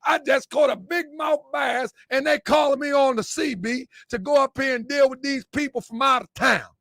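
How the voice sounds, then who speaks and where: A man voicing a folksy older Southern male sheriff in overalls, with a slow, mock-stern drawl. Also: very high-pitched, creaky, bright, forceful tone, no echo, clean studio sound, voice pushed up, full character voice. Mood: weary.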